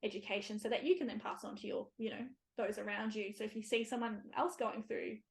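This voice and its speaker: An Australian physiotherapist hosts a casual podcast conversation in a brisk, medium-pitched voice with fairly even intonation and vocal fry. She's chatty, uses plenty of fillers, and laughs easily.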